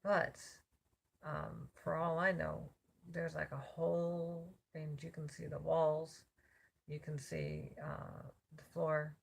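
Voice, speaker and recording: An exhausted woman vlogging from her cot on a phone camera, her worn-out voice a little slurred as she rambles with many pauses. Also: low voice, vocal fry, a little hiss or hum. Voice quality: slightly slurred. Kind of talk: casual check-in vlog. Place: lying on a cot at home.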